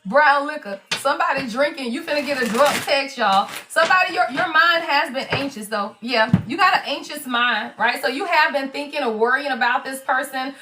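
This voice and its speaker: A woman's voice: sits high, fairly quick, hardly any pauses, background noise. A woman giving a casual live tarot reading, blunt and profane, laughing often and calling her viewers y'all. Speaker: tarot reader.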